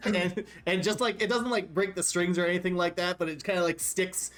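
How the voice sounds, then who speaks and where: A man's voice: high-pitched, fairly even intonation, moderate pace, fairly bright tone. A man narrating as game master in a tabletop game, describing scenes loosely and laughing often.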